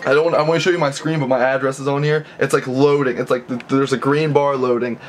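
A man's voice: medium pitch, fairly even intonation, fast talker, a little hiss or hum. A young man vlogging casually from a messy bedroom, rambling and stammering with lots of restarts. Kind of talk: casual vlog to camera. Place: messy bedroom being packed up.

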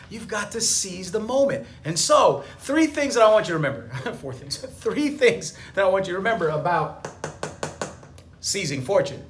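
A man's voice: sits high, sing-song, normal speed, slight background noise. A man, a business attorney, giving a motivational talk to camera, emphatic and fond of repeating his key phrases.

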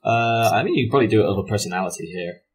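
A man's voice: on the low side, expressive, racing, breathy edge. A man running a tabletop game as game master, self-mocking and laughing often as he narrates.

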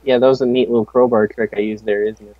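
A man's voice: mid-range voice, flat delivery, quick pace, no echo. A young man playing a horror game with a friend, joking sarcastically and swearing often. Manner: sarcastic, swears a lot, jokey. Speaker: gamer, channel host. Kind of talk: casual let's-play banter. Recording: dull lo-fi mic with faint game music.

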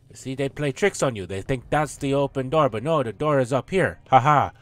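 A man with a mid-range voice does brisk let's-play commentary, joking through a video game, swearing, and talking back at the characters.

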